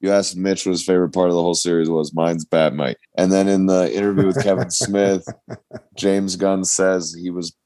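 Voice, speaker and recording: A man with a very deep voice talks casually among friends. He tells stories animatedly and swears as he goes. The sound is dry and close, with no room echo. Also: fairly quick. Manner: animated storyteller, swears freely. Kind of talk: casual chat.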